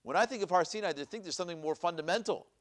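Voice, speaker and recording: In a synagogue classroom, a man with a high voice talks very fast as he teaches a Bible class as a rabbi. He reads Hebrew verses out loud and asks the audience questions, then repeats them, in a lecture format.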